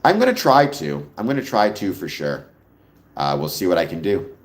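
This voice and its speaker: A low-pitched man hosts a live stream. He chats loosely with his viewers, answers their comments and wanders off into stories of his own. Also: very animated, moderate pace. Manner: chatty, rambling, digresses into personal stories. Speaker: livestream host.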